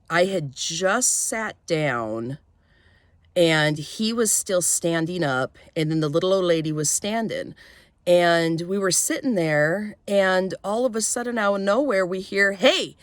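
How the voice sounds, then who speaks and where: Low-voiced woman telling a rambling story. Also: dry recording. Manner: rambling, halting retelling with many fillers; shaken, tense when recounting fear. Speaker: vlogger. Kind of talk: personal story time.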